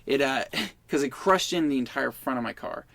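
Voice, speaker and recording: A man's voice: medium pitch, expressive, normal speed, gravelly, a bit bright, dry recording. A man in his twenties, a podcast guest, telling a rambling, profane story in casual chat.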